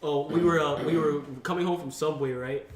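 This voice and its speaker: A man's voice: a little high, a little fast, a loud crowd. Young man telling rowdy stories, far off. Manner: profane, animated anecdote telling with laughter. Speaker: podcast co-host. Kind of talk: casual storytelling among friends. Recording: echoey room, distant from the mic.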